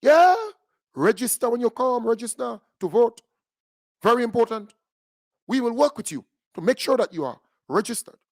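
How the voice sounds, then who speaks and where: A Grenadian man hosting a call-in radio show, talking in a lively, joking way with Caribbean creole phrasing. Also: extremely high pitch, normal speed, dry recording, studio quality. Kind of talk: casual radio talk with a caller.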